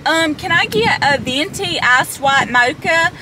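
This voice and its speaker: A woman's voice: high-pitched, lively intonation, measured pace, crowd noise. A young woman chatting casually to her camera from inside her car, chatty and self-deprecating, with lots of fillers. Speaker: vlogger. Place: inside a parked car in a drive-thru line. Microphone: handheld camera close up.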